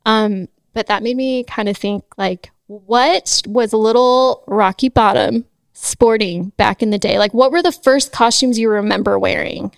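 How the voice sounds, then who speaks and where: A woman's voice: a little high, unhurried, vocal fry, no echo. Upbeat woman host, dry close sound. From Los Angeles. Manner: upbeat, laughs often. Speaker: podcast host. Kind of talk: casual interview chat.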